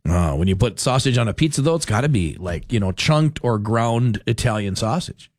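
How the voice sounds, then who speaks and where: A male talk radio host rambles through a casual monologue, cutting himself off mid-sentence. His pitch moves in lively swings. The studio sound is dry and close. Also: moderate pace, no room sound. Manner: rambling, animated, self-interrupting. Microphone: studio mic.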